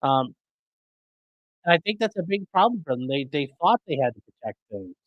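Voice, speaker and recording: A man's voice: on the high side, sing-song, moderate pace, no room sound, dull audio. A man hosting a live stream, casually chatting and answering viewers' comments. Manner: chatty, rambling, fixing mic settings mid-stream. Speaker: livestream host reading chat. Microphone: streaming desk mic.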